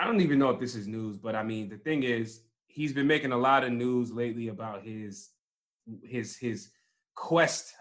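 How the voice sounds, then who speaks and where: A man co-hosting a podcast in casual chat, with relaxed, teasing banter. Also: mid-range voice. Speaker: podcast co-host.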